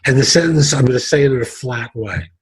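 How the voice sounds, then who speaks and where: Slightly husky man hosting a career show. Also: mid-range voice, quick pace. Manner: interjecting, recaps points, asks follow-ups. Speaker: podcast host, career coach. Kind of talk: interview hosting.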